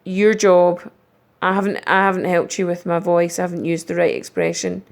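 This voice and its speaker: A woman teacher giving a recorded lesson, talking through punctuation slowly and reading example sentences aloud. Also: lowish voice, flat delivery, vocal fry.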